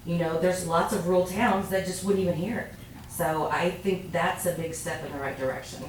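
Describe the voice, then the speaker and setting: A woman's voice: fairly low pitch, fairly even intonation, normal speed. A woman giving a heartfelt public comment at a city council meeting. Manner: earnest, heartfelt. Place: council chamber. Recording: echoey chamber, far from mic, faint noise.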